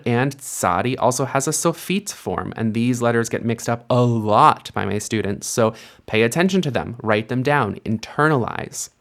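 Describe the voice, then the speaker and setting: A young man with a medium-pitched voice teaches Biblical Hebrew in an instructional lesson. He patiently explains the letters step by step and slows down to read verses aloud.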